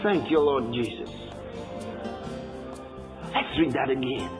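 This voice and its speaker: A man preaching a fervent sermon, emphatic and repetitive, shouting some phrases and slowing down to stress scripture. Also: medium pitch, expressive, long reverb tail, over music.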